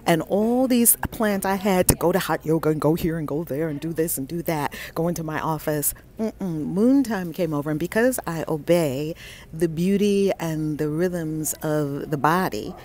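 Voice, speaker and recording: A woman's voice: sits low, normal speed, darkish tone. A woman hosting a casual live stream from inside a bookstore, talking to viewers on a handheld phone, effusive and repeating herself as she greets them by name.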